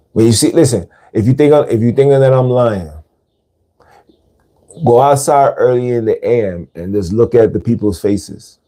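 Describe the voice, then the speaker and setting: A man's voice: mid-range voice, measured pace, warm tone. A man hosting a podcast, talking casually in street slang and repeating words for emphasis. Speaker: podcast host. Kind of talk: casual monologue.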